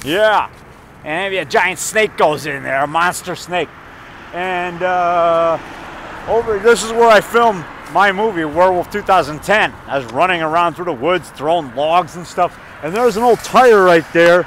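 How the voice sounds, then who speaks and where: High-voiced man rambling on a walk. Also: a little slow, fairly bright tone, a little hiss or hum. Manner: chatty, enthusiastic, repeats himself, chuckles. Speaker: indie horror filmmaker giving a tour. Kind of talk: rambling walking tour vlog. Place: outdoor forest preserve by a river.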